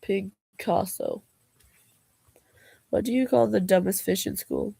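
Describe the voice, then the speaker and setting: A woman's voice: medium pitch, slow, vocal fry, long pauses, warm tone, breathy edge, dry recording. A young woman vlogger reading jokes aloud in a casual way, laughing and groaning at them and adding slangy asides.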